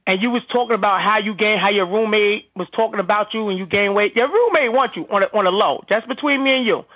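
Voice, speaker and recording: A man's voice: high-pitched, fast talker, lo-fi sound. A man in casual live-stream chat, telling stories animatedly and acting out what others said. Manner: animated storyteller, acts out quotes.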